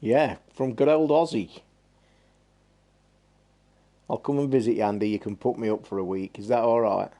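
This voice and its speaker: A man's voice: medium pitch, fairly even intonation, moderate pace, pauses often, warm tone. A man hosting a gaming live stream, chatting in a rambling, blunt and sweary way. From England. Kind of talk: casual live-stream chat.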